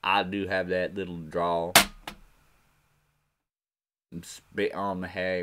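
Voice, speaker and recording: A man's voice: low-pitched, flat delivery, slow pace, pauses often, a bit bright. A man hosting a solo podcast, rambling in a scattered, self-mocking way. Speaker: podcast host. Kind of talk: rambling solo comedy monologue.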